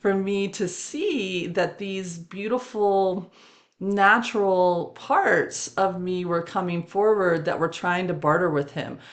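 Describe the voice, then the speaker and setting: A woman's voice: fairly low pitch, slow. A woman hosting a reflective spiritual podcast, telling a personal story and laughing often between phrases. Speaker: podcast host.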